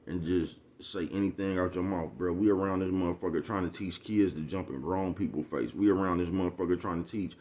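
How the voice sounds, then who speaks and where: Speaking a little fast with barely any pauses, the same kind of vlogger has a deep, slightly mellow voice. In a casual rant to his audience, he swears, preaches in street slang, and keeps checking if they know what he means.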